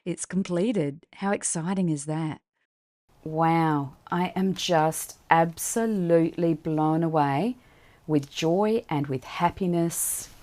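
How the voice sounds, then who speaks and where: Female author hosting an unboxing vlog, gushing and chatty, slightly low voice. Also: takes it slowly. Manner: gushing and excited; warm and chatty, talking to viewers. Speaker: children's book author.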